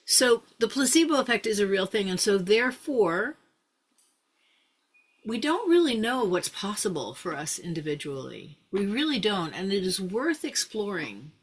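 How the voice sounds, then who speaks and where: A woman teaching a mindfulness practice group in a casual, chatty way, full of fillers and restarts, sometimes slowing into a soft hypnotic guiding voice. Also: mid-range voice, sing-song, husky. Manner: chatty, thinks aloud with many fillers and restarts; drops into a slow soft hypnotic voice for guidance.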